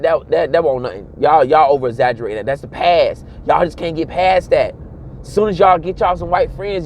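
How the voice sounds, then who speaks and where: A man, giving a casual, animated monologue and mimicking other people's voices along the way. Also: a little high, a little hiss or hum. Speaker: commentator.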